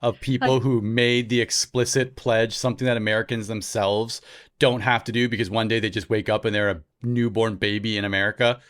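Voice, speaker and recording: A man co-hosting a podcast in casual chat, joking and acting out exchanges in quick voices. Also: on the low side, little pitch movement, fairly bright tone. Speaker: podcast co-host.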